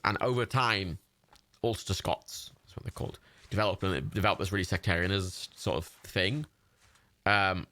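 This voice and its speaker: A man's voice: low voice, a bit bright, dry recording. Rambling young man on a livestream. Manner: rambling, laughing, frequent fillers and restarts. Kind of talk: casual livestream chat while gaming.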